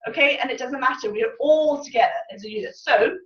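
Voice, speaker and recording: A woman leading a sales team training session, lively and laughing, getting the room to chant together. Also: sits high, quick pace. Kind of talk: motivational talk to a room. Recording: distant echoey room mic, dull.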